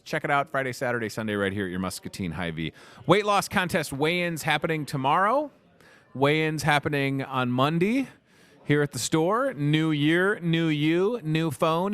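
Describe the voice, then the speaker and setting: A man hosting a lively talk show inside a grocery store, joking and rattling off deals. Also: fairly high pitch, clean tone. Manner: energetic, joking, rapid-fire deal listing. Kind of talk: upbeat promotional chat.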